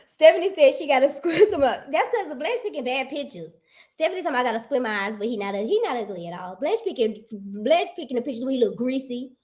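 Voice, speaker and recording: A woman in casual livestream chat, animated and teasing, repeating herself for emphasis. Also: high voice, fast.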